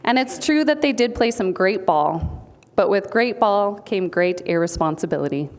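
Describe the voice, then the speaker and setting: A woman's voice: medium pitch, animated, normal speed. Woman, mid-range voice, witty punning acceptance speech read from notes. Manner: playful punning delivery. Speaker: speaker accepting an award for a team. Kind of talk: humorous prepared speech. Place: banquet hall.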